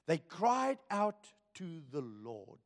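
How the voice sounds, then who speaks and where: A male pastor preaches in a high, lively voice that rises and falls dramatically. He delivers his lines slowly and with emphasis, pressing the congregation with rhetorical questions. Long reverb trails each phrase through a church hall. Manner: emphatic, rhetorical questions, swinging from loud to hushed. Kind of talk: sermon.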